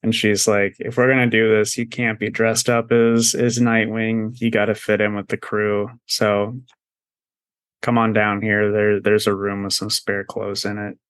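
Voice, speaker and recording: A man co-hosting a comics podcast in easy, unhurried chat, laughing often and swearing freely. His voice sits a bit low and moves at a slow pace. The recording is dry and close, with no room sound. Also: level tone, a bit bright, clear, resonant tone, no echo. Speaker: podcast co-host. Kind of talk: casual comic review chat.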